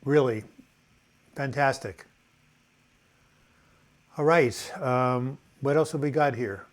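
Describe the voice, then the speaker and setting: A man's voice: medium pitch, slow pace. Older guy reading viewer comments on a live stream, lots of ums, loose and rambly, laptop mic. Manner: chatty, warm-hearted, loose and rambling with many fillers. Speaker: host of a live video chat.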